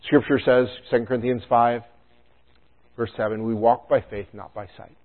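Male pastor, casual joking sermon delivery, thin phone-line sound, mid-pitched voice. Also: steady tone, moderate pace. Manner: casual, chatty asides and jokes. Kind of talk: conversational sermon.

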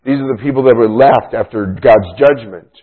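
A man's voice: mid-range voice, moderate pace, breathy edge. A man preaching a sermon as pastor, explaining a passage in an emphatic, teaching manner. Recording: tinny phone-like sound.

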